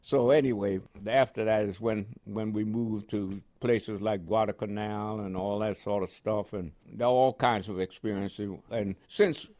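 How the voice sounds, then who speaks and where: A man's voice: on the low side, steady tone, measured pace, hardly any pauses, darkish tone. An elderly man from Panama, a veteran telling stories in an interview, rambling with frequent "you know" and chuckles. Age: older. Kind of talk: storytelling interview.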